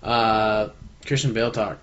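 A man's voice: on the low side, fairly even intonation, fairly bright tone, slight background noise. A man co-hosting a casual chat about a TV episode, often restarting and repeating words as he talks. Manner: halting, repeats his words when starting a thought. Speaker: podcast co-host. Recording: dull lo-fi recording.

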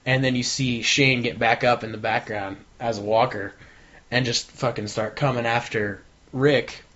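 Speaking at normal speed with a steady, fairly bright medium-pitched voice, a podcast co-host chats about a TV episode. His recap is lively, with the characters' lines acted out, and the recording is dull and lo-fi.

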